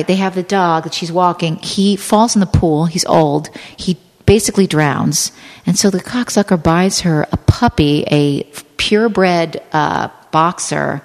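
A woman actress and improviser, a podcast guest who tells rambling, animated anecdotes full of "like". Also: on the low side, long reverb tail. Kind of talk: casual storytelling chat.

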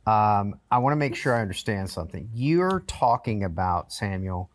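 A man with a fairly low voice hosts a talk show in a relaxed interview manner. He sums up his guest's points, prompts him for examples and affirms him. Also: moderate pace. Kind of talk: interviewing, casual chat.

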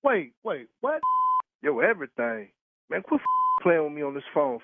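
A man's voice: on the high side, big pitch swings, moderate pace, dry recording. A man taking a prank phone call, heated and swearing with incredulous laughs. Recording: tinny dry phone line.

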